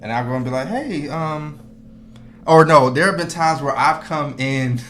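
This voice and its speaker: A man's voice: a little high, normal speed, a little hiss or hum. A man, co-hosting a casual podcast and telling stories, acting out what others said. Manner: animated storyteller, acts out quotes. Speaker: podcast co-host. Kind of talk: casual chat.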